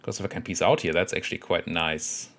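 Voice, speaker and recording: A man's voice: low voice, brisk, gravelly, a bit bright. A young man casually commentating his own strategy game, thinking aloud and muttering at the units on screen. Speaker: gameplay commentator.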